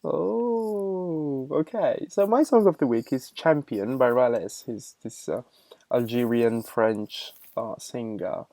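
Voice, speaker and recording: Low-voiced, slow-talking woman co-host. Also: dark tone, no echo. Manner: slow, easygoing, with short replies. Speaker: podcast co-host. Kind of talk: casual chat.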